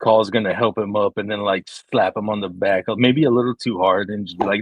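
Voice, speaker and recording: A man's voice: on the low side, fairly even intonation, a little fast, no echo, low-quality recording. A man playing a tabletop game, describing his character's moves and joking with the group. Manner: joking, laughs often. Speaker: player. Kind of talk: casual tabletop play.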